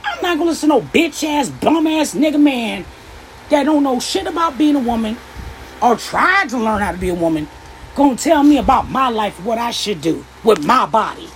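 A woman's voice: on the high side, very animated, moderate pace, a little hiss or hum, rough recording. A young adult woman delivering a heated, profane opinion rant to camera, blunt and confrontational and plainly upset. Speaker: vlogger.

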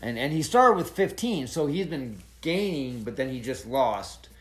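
A woman's voice: rumbling low, big pitch swings, unhurried. A woman co-hosting a podcast, eagerly discussing a book, asking questions and acting out lines. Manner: eager, asks questions, acts out quotes. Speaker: podcast co-host. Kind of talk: casual book-club chat.

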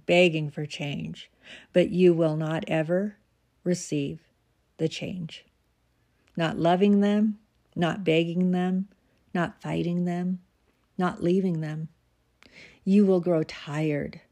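Slow, soft-spoken woman preaching. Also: fairly low pitch. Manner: slow, soft, earnest, drops to near-whispers. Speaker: christian devotional speaker. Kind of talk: scripture-based devotional storytelling.

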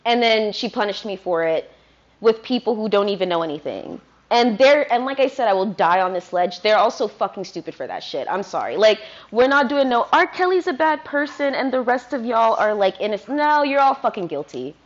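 A woman's voice: fairly high pitch, sing-song, a little fast, lo-fi sound. Ranting, sweary woman from Virginia. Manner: swears a lot, loose and ranting. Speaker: podcast host. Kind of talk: casual rambling monologue. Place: apartment.

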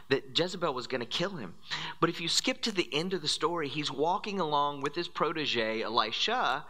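Bright-voiced preacher swinging into whispers. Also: male voice, a little high. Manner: dramatic, drops to hushed whispers; sudden quick, rising bursts. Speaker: pastor. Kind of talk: sermon.

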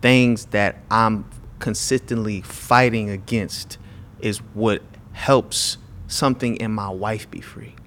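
A man's voice: lowish voice, steady tone, slow pace, a bit bright. A man co-hosting a faith podcast, speaking in an emphatic, preachy way and often checking in with "right?". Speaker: podcast co-host.

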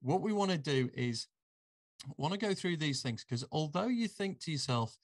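A man's voice: on the high side, animated, normal speed. A man hosting a podcast in a rambling, casual way, full of ums and uhs. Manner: rambling, hesitant, with many fillers. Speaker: podcast host. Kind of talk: casual chat.

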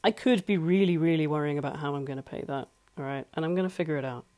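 Talking fast in a mid-range voice with a darkish tone, a life coach delivers a solo advice talk from a home flat. It's earnest and conversational, with points repeated for emphasis.

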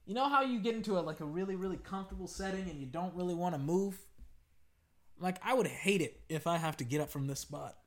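A man at home giving loose, animated commentary on a football game, ranting and swearing casually. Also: high voice, quick pace. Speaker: sports commentator. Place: home living room. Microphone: desk microphone at home.

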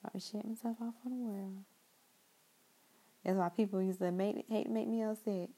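Gravelly-voiced young woman chatting casually. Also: medium pitch, steady tone, moderate pace, warm tone, rough recording. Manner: chatty and rambling, with repeated asides to listeners. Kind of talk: casual monologue.

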